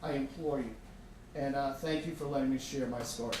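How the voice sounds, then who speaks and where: A man telling a story live in a tavern, earnest and animated, recorded from a distance. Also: medium pitch, fairly quick, slight background noise. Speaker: storyteller, teacher. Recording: echoey room, distant mic.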